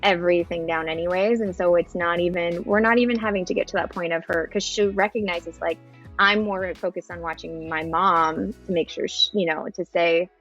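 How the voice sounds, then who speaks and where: A woman's voice: on the low side, steady tone, normal speed, fairly bright tone, dull audio, faint music behind. A woman in her thirties, a mother talking on a podcast in a thoughtful way with many fillers and restarts. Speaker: podcast guest. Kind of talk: casual podcast chat.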